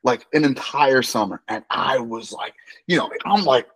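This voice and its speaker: A man hosting a podcast and coaching wrestlers, talking in lively casual chat with lots of "like" and laughter. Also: mid-range voice, measured pace, breathy edge, low-quality recording. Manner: animated, laughing, filler-heavy.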